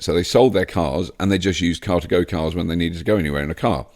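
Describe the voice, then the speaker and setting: Deep-voiced man rambling solo. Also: fast talker, darkish tone. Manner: rambling, self-mocking, laughs often. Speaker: podcast host. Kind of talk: solo podcast chat.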